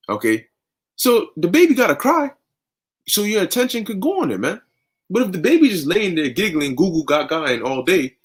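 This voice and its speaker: Man, young adult preacher, fervent casual scripture talk, husky, slightly high voice. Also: sing-song, normal speed. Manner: fervent, conversational, often says "man" and "okay". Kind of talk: informal scripture teaching.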